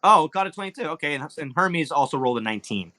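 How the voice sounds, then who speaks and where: A man's voice: fairly high pitch, lively intonation, quick pace, sharp tone. A young man running a tabletop game as dungeon master, narrating casually with many fillers and restarts. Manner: rambling, filler-heavy, laughing.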